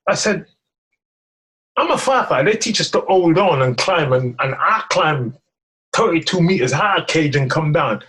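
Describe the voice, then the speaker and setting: Husky, laughing storyteller man. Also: a little high, lively intonation, moderate pace, a bit bright. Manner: laughs often, acts out quotes, stammers. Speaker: guest, firefighter. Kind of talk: animated storytelling.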